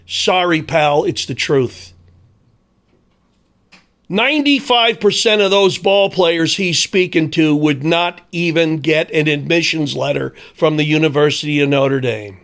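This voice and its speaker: Male sports ranter, high-pitched voice, heated, sarcastic and foul-mouthed. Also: a little slow, a bit bright. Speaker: sports commentator. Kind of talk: angry ranting commentary.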